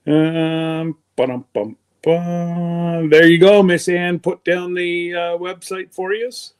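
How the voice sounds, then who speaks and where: A man's voice: high voice, little pitch movement, slow, clean tone. A man hosting a livestream, chatting in a rambling, teasing way while congested from pneumonia. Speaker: livestream host. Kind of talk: casual chat.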